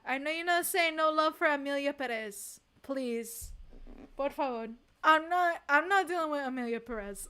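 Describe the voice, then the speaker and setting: A woman streamer chatting casually on a livestream and reading from the chat, emphatic and expressive, laughing often. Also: high voice, moderate pace.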